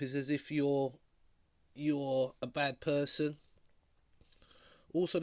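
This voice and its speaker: A man hosting a video reaction, talking critically in a halting way and often repeating words. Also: fairly high pitch, a little mellow, no echo, studio quality. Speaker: vlog host reacting to a clip. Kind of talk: casual reaction commentary.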